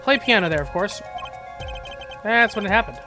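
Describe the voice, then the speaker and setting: A relaxed middle-aged boss who tells wild things in an offhand, teasing way, voiced by a streamer during a game. Game music plays clearly underneath. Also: medium pitch, moderate pace, lightly acted. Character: laid-back joking middle-aged man, agency boss. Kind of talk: voice acting a game playthrough.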